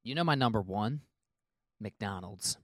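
A man's voice: mid-range voice, expressive, brisk, a bit bright, no room sound, studio quality. A man hosting a casual podcast, rambling and joking, often restarting his sentences. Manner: rambling, self-interrupting, jokey. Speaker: podcast host.

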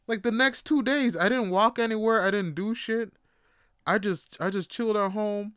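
A man's voice: sits high, normal speed, bright, forceful tone, smooth, dry recording, clean studio sound. A man hosting a podcast, telling stories casually and animatedly, swearing freely and repeating words as he goes. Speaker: podcast host. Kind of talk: casual storytelling.

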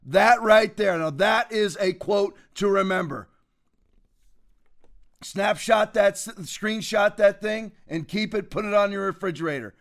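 Fiery high-voiced ranting man. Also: a little slow, creaky. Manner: fiery, preachy, ranting with sudden loud bursts. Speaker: commentary show host. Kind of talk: angry political commentary.

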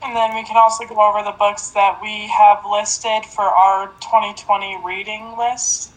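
A woman's voice: mid-range voice, little pitch movement, moderate pace, rough recording. A young woman co-hosting a casual podcast, laid-back with blunt opinions, laughing at herself. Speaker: podcast co-host. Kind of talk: casual chat.

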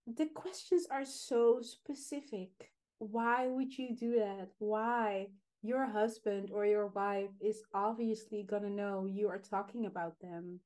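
A woman co-hosting a casual podcast, ranting in an animated, dramatic way about advice posts. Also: mid-range voice, takes it slowly, hardly any pauses. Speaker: podcast co-host.

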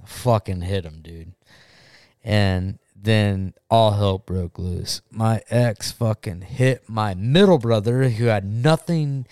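A man's voice: fairly low pitch, slow, no echo, clean studio sound. A young adult man telling a wild story in casual podcast chat, swearing a lot and acting out what everyone said. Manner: profane, animated, acts out quotes. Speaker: podcast co-host.

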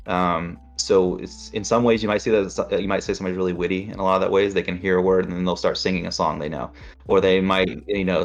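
Deep-voiced man in lo-fi chat. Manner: rambling, acts out inner voices. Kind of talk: casual chat. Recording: dull lo-fi sound with faint music.

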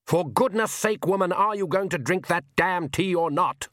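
A man's voice: mid-range voice, animated, moderate pace, pushed and bright, dry recording, studio quality. A man voicing a haughty vampire count. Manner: arrogant, impatient.

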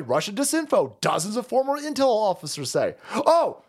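A foul-mouthed man rants through a political commentary stream, heavy on sarcasm and mockery. His pitch is lively and swings widely, and he keeps slipping into exaggerated mocking voices. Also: normal speed, few pauses, husky. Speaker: stream host.

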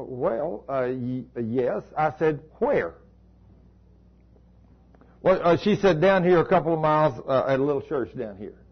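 A man's voice: mid-range voice, breathy edge. A man preaching, telling a story in a folksy, colloquial way. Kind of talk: storytelling sermon. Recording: dull lo-fi recording.

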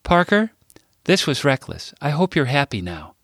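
A man voicing an exasperated adult woman in an audiobook, firing sharp, accusing questions. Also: on the high side, wildly swooping pitch, moderate pace, no room sound, clean studio sound, voice pushed up, heavily acted. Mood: stern.

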